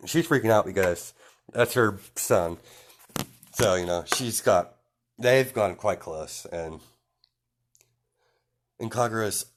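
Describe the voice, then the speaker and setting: A man's voice: lowish voice, expressive, slow, pauses often. A man casually telling an improvised story, rambling and filling his speech with "you know" and "um".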